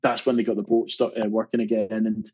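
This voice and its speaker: A man's voice: fairly low pitch, fast, slightly rough. A man from Scotland, a marathon swimmer, telling stories as a podcast guest, with frequent laughs and restarts. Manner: animated storyteller, laughs often, many restarts. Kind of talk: casual storytelling interview. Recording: dull lo-fi sound.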